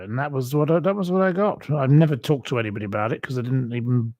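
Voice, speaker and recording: A man's voice: medium pitch, quick pace, few pauses, darkish tone, no echo. A man hosting a casual livestream, rambling and chatty with many ums and asides. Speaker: host.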